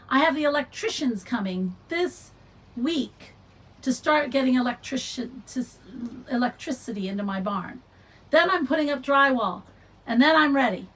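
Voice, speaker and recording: A middle-aged woman hosting a casual livestream, chatting and reading viewer comments aloud with warm encouragement. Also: sits high, low-quality recording. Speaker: livestream host.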